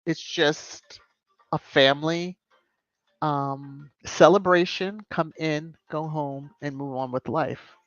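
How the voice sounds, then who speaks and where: Lady chatting on her live stream, shouting out viewers, dry kinda muffled sound. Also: low-pitched, takes it slowly, no echo. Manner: chatty, greets viewers by name, emphatic asides. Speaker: YouTube live-stream host. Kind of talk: casual live-stream chat reading comments.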